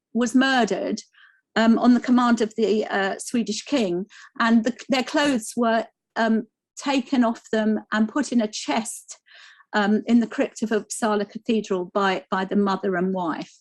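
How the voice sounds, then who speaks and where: A woman with a somewhat high voice delivers a scholarly lecture, walking the audience through slides. She speaks thoughtfully, often pausing with ums and restarting phrases as she searches for words. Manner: hesitant, many ums and restarts. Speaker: conference speaker.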